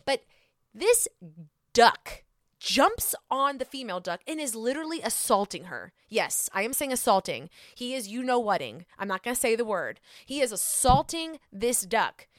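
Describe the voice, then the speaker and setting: A young adult woman hosting a podcast, telling a story in a casual, self-mocking, animated way. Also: fairly high pitch, moderate pace, no room sound, studio quality. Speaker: podcast host. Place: Atlanta.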